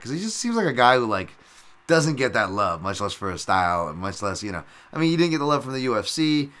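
A man's voice: medium pitch, sing-song, fairly quick, fairly bright tone. A middle-aged man hosting a casual solo podcast, rambling and swearing freely with lots of fillers and restarts. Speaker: podcast host.

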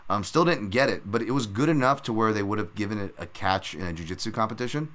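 A man's voice: lowish voice, quick pace, a bit bright. A man hosting a podcast, recapping fights in a casual, rambling way and calling his listeners folks. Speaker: podcast host.

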